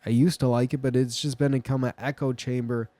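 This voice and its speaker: Man, rambling vlog monologue, crude jokes, meandering, mid pitch, dry close sound. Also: little pitch movement, brisk, mellow, dry recording. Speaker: vlogger.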